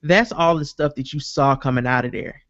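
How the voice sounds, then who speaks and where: Telling an animated story at a moderate pace, a podcast host with a fairly high male voice acts out what people said and swears freely in casual chat. The recording is dry, with the highs cut off.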